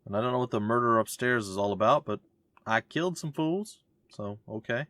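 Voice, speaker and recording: A man's voice: medium pitch, lively intonation, brisk, a bit bright, no room sound. A man giving casual, wry commentary while playing a game and reading its dialogue aloud. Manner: wry, joking asides. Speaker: let's play gamer.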